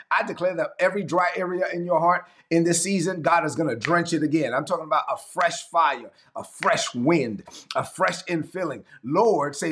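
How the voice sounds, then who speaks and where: A man's voice: on the high side, a little fast, a bit bright. Fervent man preaching a sermon. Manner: declaring, call-and-response preaching. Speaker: pastor. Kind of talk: livestreamed sermon.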